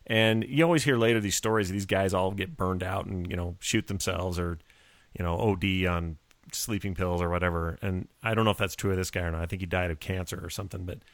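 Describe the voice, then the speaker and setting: A man's voice: sits low, fairly even intonation, quick pace, no echo. A man hosting a podcast in a laid-back, joking way, with slang like dude. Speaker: podcast host. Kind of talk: casual chat.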